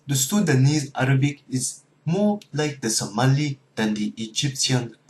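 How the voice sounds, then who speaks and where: Man cycling through accent impressions. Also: a little high. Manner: switching between many mimicked accents. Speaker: YouTuber.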